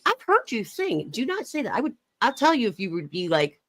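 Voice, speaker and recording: A woman's voice: a little high, wildly swooping pitch, a little fast, a bit bright, dry recording. A young woman chatting casually on her live stream, reading chat messages aloud and laughing often.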